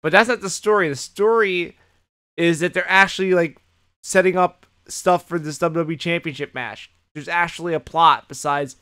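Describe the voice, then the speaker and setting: A man co-hosting a casual podcast, retelling the week with lots of energy and plenty of swearing. His voice is smooth and resonant and sits a little high. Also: moderate pace. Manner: animated retelling, heavy swearing. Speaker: podcast co-host. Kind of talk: casual chat recapping wrestling.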